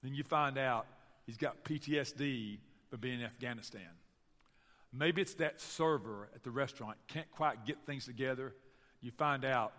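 A man with a Southern US accent from Tennessee, preaching a sermon and telling stories to his church in an animated way. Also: mid-range voice, big-room sound. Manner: storytelling, animated, addresses the church directly. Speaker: pastor. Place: church sanctuary.

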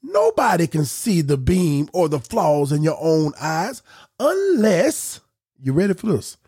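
A man's voice: fairly high pitch, huge pitch swings, a little slow, darkish tone, breathy edge. A man hosting a podcast, preaching in a conversational, folksy way with emphatic repetition and casual asides.

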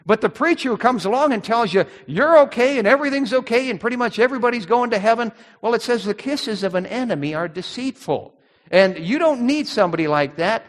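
A man's voice: very high-pitched, animated, brisk, long reverb tail. A man preaching a sermon as pastor, emphatic and rising on key words.

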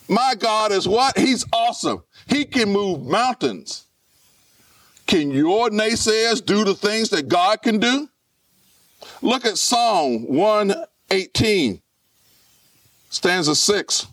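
Male pastor, high voice, repeats himself for emphasis, mic a little far off. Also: expressive, slow, a bit bright, dry recording. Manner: repetitive, rhetorical questions to the congregation. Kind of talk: live sermon. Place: church.

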